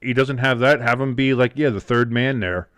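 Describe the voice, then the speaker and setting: A man with a New Jersey accent co-hosting a live sports show, talking in a rambling, excitable way with many restarts. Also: mid-range voice, moderate pace, crowd noise. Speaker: sports podcast co-host. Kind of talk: casual live draft chat.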